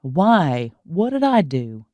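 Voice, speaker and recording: A terse, stubborn grown man, as a woman reader lowers her voice for him, giving clipped, flat answers in a dry, close audiobook recording. His voice sits low and dark, the delivery slow and guarded. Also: no echo, highs cut off, heavily acted. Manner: clipped, flat, curt replies. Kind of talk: audiobook character voice.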